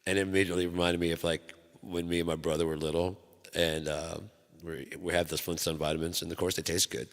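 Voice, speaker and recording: Host type: a very low-voiced man telling stories in a loose, profane ramble, with a reverb tail. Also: flat delivery, quick pace. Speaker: channel host. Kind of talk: rambling solo talk. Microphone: microphone. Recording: long hall reverb.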